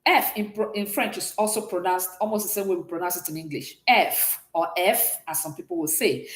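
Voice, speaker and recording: A woman's voice: on the low side, fairly quick, reverberant, rough recording. A woman teaching a beginners' French class, who patiently explains, repeats and checks that students follow. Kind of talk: classroom language lesson.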